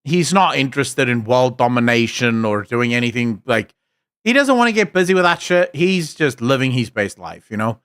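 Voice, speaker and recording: A South African man streaming his reactions, chatty and excited, swearing and joking as he goes. His voice is close and dry, in a middle pitch. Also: moderate pace, clean tone, no room sound. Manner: enthusiastic, joking, swears casually. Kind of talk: casual reaction commentary.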